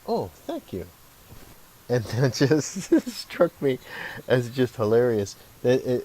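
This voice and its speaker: A man, a former fire lieutenant, telling stories from the firehouse in a relaxed, reminiscing way with an occasional chuckle. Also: low voice, slight background noise, low-quality recording. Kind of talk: casual spoken storytelling.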